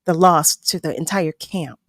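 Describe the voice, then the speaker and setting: A woman hosting a radio talk show, chatting and telling stories with animated, playful quotes. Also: sits low, measured pace, no room sound, clean studio sound. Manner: animated, warm storytelling with laughs and acted-out quotes. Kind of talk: casual radio interview.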